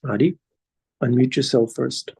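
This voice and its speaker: A man leading a devotional scripture class over a video call, talking in a halting way with many pauses. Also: mid-range voice, steady tone, vocal fry, a little mellow, husky. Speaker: class leader.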